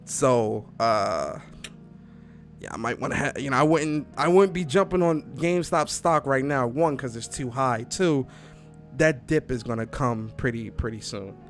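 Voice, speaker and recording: A man hosting a casual livestream podcast, animated, repeating himself and greeting the chat. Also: medium pitch. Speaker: podcast host.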